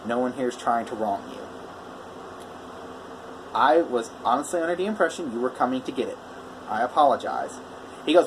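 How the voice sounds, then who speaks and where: A man's voice: mid-range voice, brisk, pauses often, slight background noise. A man, a welder, telling a customer story in a casual vlog, acting out both sides of a heated phone call. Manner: animated retelling, quoting both sides of a phone argument.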